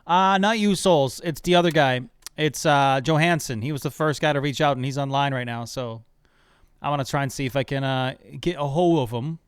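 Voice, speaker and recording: A young man streaming a game, chatting casually, excitable and swearing a lot as he rambles. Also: medium pitch, a little fast, smooth, dry recording, clean studio sound. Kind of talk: casual gaming stream chat.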